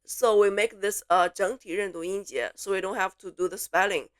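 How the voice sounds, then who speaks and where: A woman from Beijing with a Mandarin Chinese accent, teaching a Mandarin lesson in English with slow, clear repeat-after-me drills. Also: medium pitch, steady tone. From Beijing, China. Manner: slow, clear model pronunciations switching between English and Mandarin.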